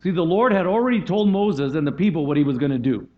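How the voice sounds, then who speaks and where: A male pastor preaches in a loose, conversational way, restarting phrases and tossing "right?" to the congregation. His voice sits a little higher than most men's. The recording sounds muffled and lo-fi. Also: animated, fast. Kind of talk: sermon.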